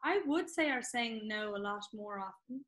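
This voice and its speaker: A woman's voice: a little high, lively intonation, moderate pace, fairly bright tone, rough recording. An Irish woman hosting a podcast interview, easygoing, with casual swearing. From Ireland. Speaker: podcast host.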